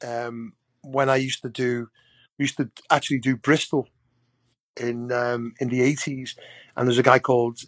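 A man's voice: mid-range voice, flat delivery, moderate pace, no room sound. A man, a wrestler guest on a podcast, telling long casual anecdotes that ramble and restart often. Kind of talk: casual storytelling.

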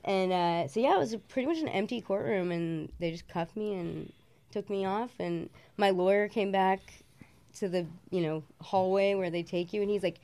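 A woman's voice: mid-range voice, normal speed, dark tone. A woman telling her story as a podcast guest, chatty and rambling with lots of fillers. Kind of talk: casual storytelling.

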